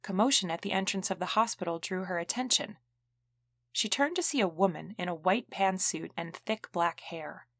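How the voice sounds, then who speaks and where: A woman narrating an audiobook in an even, clear storytelling manner. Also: lowish voice, normal speed, no room sound. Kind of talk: scripted narration.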